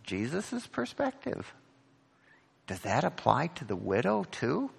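Slow-speaking male pastor in reverberant hall. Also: huge pitch swings, gravelly, fairly bright tone, slightly rough. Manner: earnest, repeats words, rises in pitch on questions. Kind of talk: sermon.

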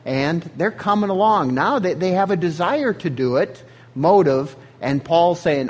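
A man's voice: fairly high pitch, lively intonation, a little slow. A man preaching a sermon as pastor, in an earnest, conversational way.

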